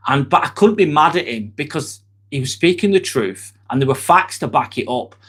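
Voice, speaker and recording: A man's voice: a little high, lively intonation, moderate pace, fairly bright tone, husky. A man, hosting a casual live stream, talking bluntly and candidly while answering chat comments. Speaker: livestream host.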